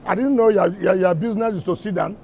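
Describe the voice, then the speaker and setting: A man's voice: high-pitched, fairly even intonation, quick pace, mellow, slight background noise. A middle-aged Nigerian man answering reporters at a press briefing, combative and firing off repeated rhetorical questions. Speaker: government minister at a press briefing.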